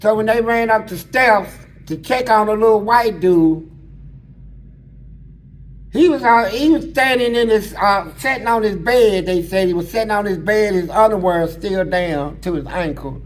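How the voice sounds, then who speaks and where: Speaking at a moderate pace in a high-sitting voice, a man appears as an interview guest and recounts prison life. He uses casual, crude street slang and plays out other people's dialogue mid-story.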